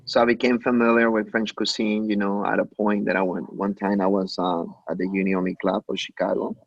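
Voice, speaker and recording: Man from Mexico, chef telling stories, gravelly, husky, lower voice, dry muffled sound. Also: level tone, no echo. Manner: anecdotal, acts out quoted dialogue, halting with many restarts. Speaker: chef, interview guest. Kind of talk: conversational interview.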